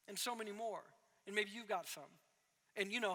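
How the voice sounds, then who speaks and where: A young man preaching in a big hall, his very high, bright voice ringing out with a long echo behind it. He keeps things conversational, dropping in "right?" asides and poking fun at himself. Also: normal speed. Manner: conversational, self-deprecating, frequent "right?" asides. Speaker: pastor. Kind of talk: sermon to young adults.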